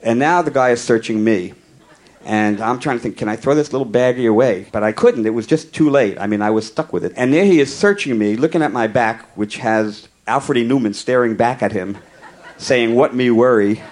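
A man at an ordinary middle pitch tells a rambling comic story, wry and conversational. He slips jokes in as deadpan asides, as if they were just part of the facts. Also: brisk. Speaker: comedian. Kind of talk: storytelling comedy monologue.

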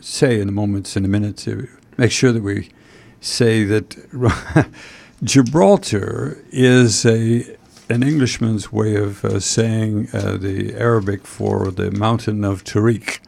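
A man hosting a talk show in casual chat, rambling and halting with frequent fillers and wry asides. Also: on the low side, fairly even intonation, vocal fry, a little mellow. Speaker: host.

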